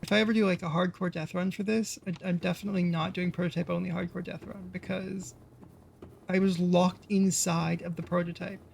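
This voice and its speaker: A man's voice: high voice, level tone, fairly quick, creaky, a little hiss or hum. A man streaming a game live, rambling to himself and swearing as he plays. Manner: rambling, swears, talks to himself while playing. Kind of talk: live gameplay commentary.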